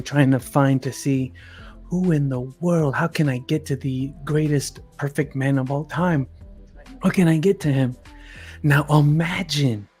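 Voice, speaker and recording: A man's voice: a little high, darkish tone, breathy edge. Earnest man hosting a podcast. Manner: earnest, repeats words for emphasis. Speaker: podcast host. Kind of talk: casual podcast chat.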